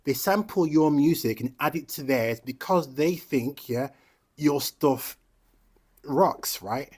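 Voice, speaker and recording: A man's voice: fairly high pitch, animated, slow pace, darkish tone, breathy edge. Man, commentary host, reads aloud, casual asides, impassioned, indignant, repeats himself. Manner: conversational, checks in with listener tags. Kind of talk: reading an article aloud with commentary.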